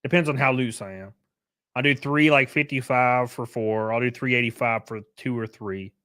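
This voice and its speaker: A young man casually chatting on a livestream while reading chat. He is loose and profane, uses lots of fillers and suddenly jumps way up in pitch for jokes. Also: moderate pace. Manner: animated, pitch jumps up sharply on bits.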